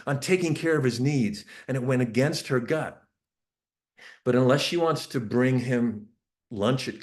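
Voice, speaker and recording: A middle-aged man giving a casual, excited talk on parenting, full of asides and quick restarts. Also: mid-range voice. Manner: enthusiastic, rambling with asides and restarts. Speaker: parenting speaker.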